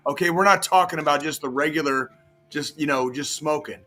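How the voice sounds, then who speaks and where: A man's voice: on the high side, brisk, sharp tone, faint music behind. A man co-hosting a podcast, brash and profane, trash-talking in casual chat. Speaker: podcast co-host.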